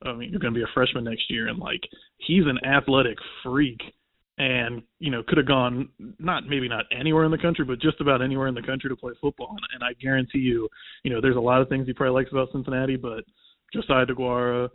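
A man's voice: mid-range voice, little pitch movement, fast talker, dry recording. Man talking over a phone line. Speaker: podcast guest. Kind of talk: casual sports chat. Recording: tinny phone line, dry.

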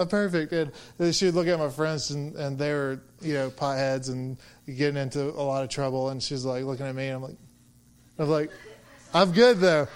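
Man, sermon, casual storytelling, high voice, smooth tone, laughs between points. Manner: casual, conversational, with laughs and repeated restarts. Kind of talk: sermon with personal stories.

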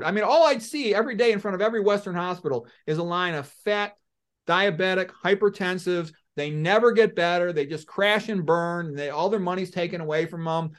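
A middle-aged man, a doctor, giving blunt, animated opinions in an interview and acting out little scenes. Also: high-pitched. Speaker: medical doctor guest.

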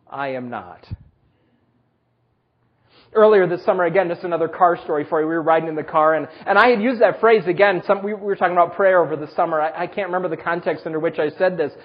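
A man preaching a sermon, telling personal stories with self-deprecating humor in a husky voice. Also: on the high side, fairly quick, long pauses, dull audio. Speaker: pastor.

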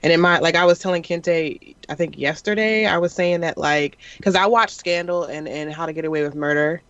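A man's voice: on the high side, brisk, a bit bright, no echo, lo-fi sound. A man co-hosting a casual chat, chatty and enthusiastic. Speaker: podcast co-host.

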